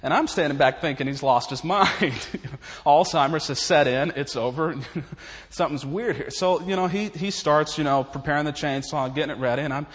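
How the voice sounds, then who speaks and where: Folksy preacher in an echoing hall. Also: male voice, a little high, moderate pace. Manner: folksy, chuckling anecdotes. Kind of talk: humorous storytelling sermon. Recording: long reverb of a large hall.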